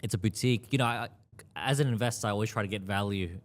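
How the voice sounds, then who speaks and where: A man's voice: on the low side, rapid-fire. A man being interviewed as an investor, talking casually, filling his speech with "yeah, yeah" and "you know" and laughing often. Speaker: investor guest.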